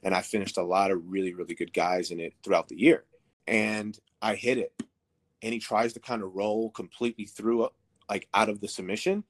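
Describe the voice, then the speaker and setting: A man's voice: lowish voice, fairly even intonation, a little fast. A man in his thirties, a podcast guest, telling a story casually with lots of swearing and fillers. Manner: profane, rambling, filler-heavy.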